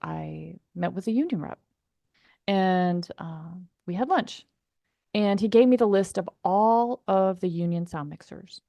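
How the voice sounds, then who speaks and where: Woman podcast host, casual storyteller, animated and chatty, mid-pitched voice, dry close sound. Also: measured pace, creaky, no room sound. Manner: chatty, animated, many fillers.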